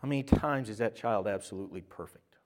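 A male pastor preaching a sermon, swinging from loud, exclaimed lines to quiet, intimate speech. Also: lowish voice, expressive, fast.

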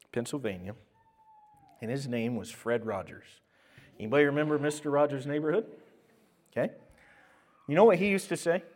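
A male pastor preaching a sermon, swinging from loud, exclaimed lines to quiet, intimate speech. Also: medium pitch.

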